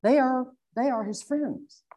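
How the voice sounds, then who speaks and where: Earnest woman teaching scripture, mellow voice. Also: high-pitched. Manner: earnest, reflective, slows to stress points. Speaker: Bible teacher. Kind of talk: sermon.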